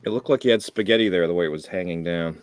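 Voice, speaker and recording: A man's voice: low-pitched, fast. A man in his fifties chatting on a video call, curious and asking his friends questions. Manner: curious, asks lots of questions. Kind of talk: casual chat.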